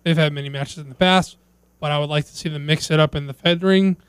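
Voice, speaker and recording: High, smooth-voiced man chatting. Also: steady tone, fast talker, no room sound. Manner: joking, teasing. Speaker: podcast co-host. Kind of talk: casual chat.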